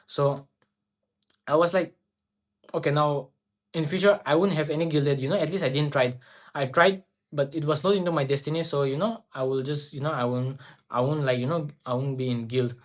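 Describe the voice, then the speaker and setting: A woman's voice: deep voice, fairly quick. Rambling young woman telling a story. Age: young adult. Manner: rambling, full of fillers and restarts. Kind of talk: personal story vlog.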